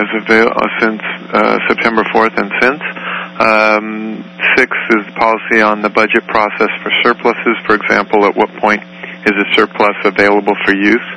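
A man chairing a committee meeting by phone, reading out the agenda in a measured, procedural way. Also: fairly low pitch, vocal fry, bright, forceful tone, slight background noise, low-quality recording. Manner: measured, procedural, reads out items.

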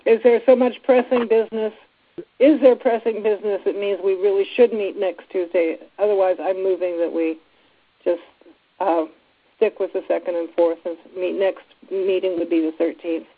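Husky woman speaking on a phone line. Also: mid-range voice, steady tone, moderate pace. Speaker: committee member. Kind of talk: making a motion in a meeting.

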